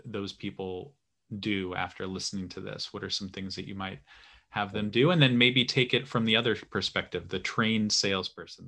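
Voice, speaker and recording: This podcast host has a sharp voice on the low side. In casual interview talk, he poses lengthy, meandering questions loaded with fillers.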